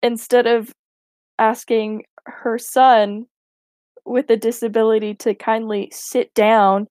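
A woman's voice: a little high, little pitch movement, takes it slowly, darkish tone, dry recording. A woman co-hosting a podcast, recapping a film in casual chat with dry, wry remarks. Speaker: podcast co-host.

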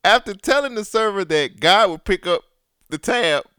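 A man's voice: high voice, expressive, moderate pace, bright, forceful tone, clear, resonant tone, dry recording, studio quality. A man co-hosting a podcast in casual chat, laid-back, repeating words and reading news stories aloud. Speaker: podcast co-host.

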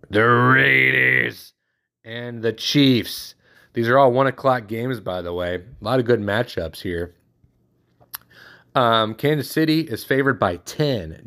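A man running a casual sports picks show, thinking out loud as he goes. His voice sits in an ordinary middle pitch, and he keeps stopping to correct himself and wander off track. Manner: rambling, self-correcting, thinks aloud. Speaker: sports podcast host.

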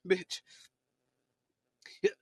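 A podcaster rants through a casual, profane monologue in a solo voice message, speaking very slowly, repeating words, and shifting his voice a lot along the way. The recording has no echo.

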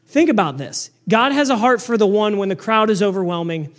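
A young man preaching a sermon to his congregation in an animated, conversational way, full of rhetorical questions. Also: high-pitched, fairly quick, few pauses. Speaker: pastor.

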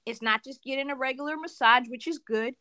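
A woman hosting a podcast interview, with a bright, forceful voice pitched a little high. She speaks emphatically, repeats key words for effect and is quick to affirm her guest. The recording is dry and close. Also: no echo. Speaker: podcast host.

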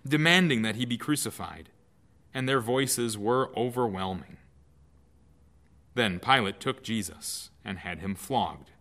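A man reading a scripture lesson aloud in an expressive, emphatic way. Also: medium pitch. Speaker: Bible lesson reader.

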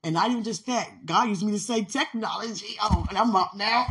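A woman's voice: medium pitch, normal speed, a bit bright, slightly rough. A woman hosting a spiritual podcast, talking fervently to her listener and breaking into frequent laughter and exclamations. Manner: laughs often, exclaims and testifies with rising fervor. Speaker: podcast host.

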